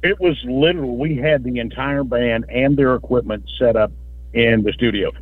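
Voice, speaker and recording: A man, a radio host broadcasting live on location, folksy and pitchman-like, a little out of breath. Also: moderate pace, breathy edge, no echo. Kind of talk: live remote radio promo. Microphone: phone line. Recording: tinny phone-line remote feed.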